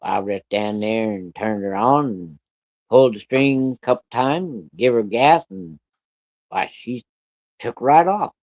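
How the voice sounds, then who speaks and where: A man's voice: mid-range voice, animated, unhurried, no room sound, lo-fi sound. A man telling a story from his childhood in a casual, folksy way, with colloquial country grammar and plenty of cursing.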